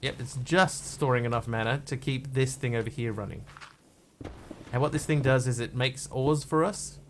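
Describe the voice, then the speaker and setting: A man live-streaming a block-building game, chatting loosely with viewers as he plays and greeting new arrivals with bursts of excitement. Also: medium pitch, normal speed, slight background noise. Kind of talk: casual game commentary.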